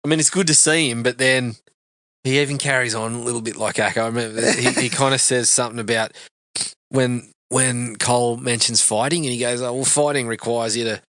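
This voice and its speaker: A man co-hosting a casual film review podcast, talking with enthusiasm and swearing freely. His voice is bright, and the recording is dry and close. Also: medium pitch, steady tone, a little fast, no echo. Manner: enthusiastic, sweary, laughs often. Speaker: podcast co-host.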